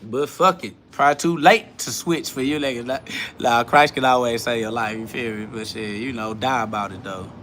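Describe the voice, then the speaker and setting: A man's voice: mid-range voice, normal speed, a bit bright, slight background noise. A man hosting a live-streamed podcast from his home garage, answering chat in a brash, profane, confrontational way. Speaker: livestream podcast host.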